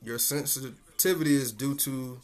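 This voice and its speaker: A man's voice: medium pitch, moderate pace, a little mellow. A man hosting a casual solo podcast, talking in a laid-back, slangy and profane way and chuckling often. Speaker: podcast host.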